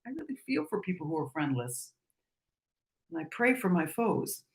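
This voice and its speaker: A woman giving a breathing lesson, speaking gently and reflectively and singing lines of a song between her remarks. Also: lowish voice, sing-song, normal speed, roomy sound, poor audio. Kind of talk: breathing lesson with sung demonstration.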